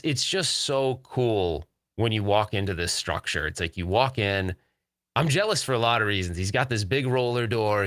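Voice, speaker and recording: A man's voice: medium pitch, bright, forceful tone, no echo, studio quality. A man hosting a podcast live stream, talking casually in a rambling, upbeat way and reading viewer chat aloud. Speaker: podcast host.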